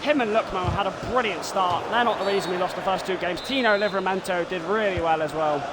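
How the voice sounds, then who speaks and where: A man with a high voice narrates his football video game in the manner of a TV commentator, breaking into shouts when goals go in. His stream carries a steady hiss of background noise. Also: quick pace. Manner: bursts into shouted excitement at goals. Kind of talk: live gameplay commentary in broadcaster style.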